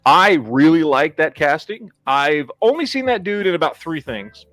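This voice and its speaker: A man's voice: fairly high pitch, very animated, normal speed, a bit bright, no echo. Blunt, profane man ranting. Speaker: podcast host. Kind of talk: casual podcast chat.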